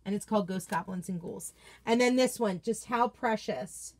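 A woman's voice: mid-range voice, normal speed, a little mellow. A woman hosting a casual livestream, gushing enthusiastically over products and chatting with viewers. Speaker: craft seller host. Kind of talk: casual livestream chat reading viewer comments.

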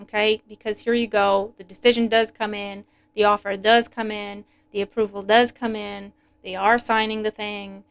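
A woman giving a casual, animated tarot reading, chatty and quick to laugh. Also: medium pitch, clean tone. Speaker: tarot reader.

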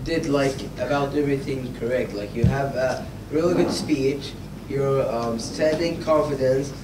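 A man's voice: mid-range voice, a little slow. A man in the audience asking a question hesitantly, with many fillers. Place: lecture hall. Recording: distant, echoey, noisy room.

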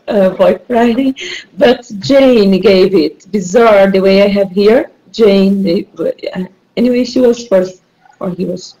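A woman's voice: mid-range voice, warm tone, lo-fi sound. A woman with a Brazilian accent, a Portuguese native speaker, patiently running a rhyming word game for an online class as the teacher. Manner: slow, patient, encouraging.

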